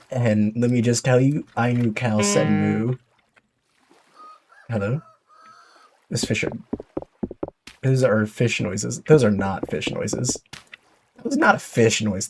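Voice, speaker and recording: A man's voice: medium pitch, noisy background. Chatty, playful male game streamer. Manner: chatty, playful, self-mocking; excitable exclamations. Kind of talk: live gaming commentary.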